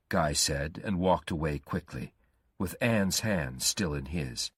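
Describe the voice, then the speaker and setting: A man narrating a graded-reader story in a slow, careful reading. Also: very deep voice, breathy edge, no room sound, studio quality.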